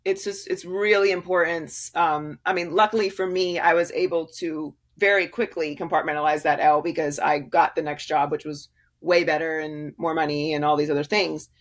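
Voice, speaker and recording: Lower-voiced woman, candid and emphatic, laughs a lot, rambly restarts. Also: steady tone, moderate pace. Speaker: sports media guest. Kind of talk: candid interview conversation.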